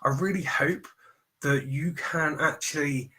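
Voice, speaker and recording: A man's voice: fairly high pitch, a little slow, sharp tone. A man coaching on mindset in a live stream talk, emphatic and repetitive as he preaches self-affirmation.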